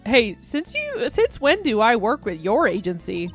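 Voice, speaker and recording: Woman reading earnest young male lawyer, puzzled, fairly high voice, video game lines. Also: wildly swooping pitch, a little slow, faint music behind, full character voice.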